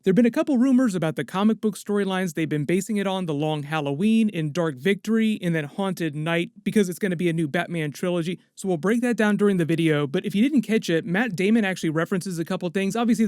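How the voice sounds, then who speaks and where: A man's voice: sits high, a little mellow, no room sound, clean studio sound. A man hosting an online movie news show, breaking down rumors in a chatty, enthusiastic way. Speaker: host of a movie news channel.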